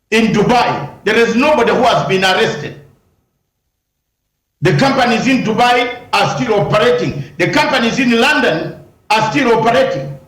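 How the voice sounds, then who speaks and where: A lawyer argues combatively in a heated news interview, firing rhetorical questions and at times raising his very high, slightly bright voice. The recording is rough, in an echoey room.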